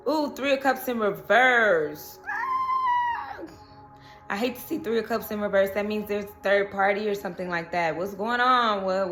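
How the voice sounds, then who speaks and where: A woman's voice: mid-range voice, a bit bright. Woman, tarot reader, casual chatty delivery, frequent check-ins, faint music under her voice. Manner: chatty, repeats "okay?" and "you know".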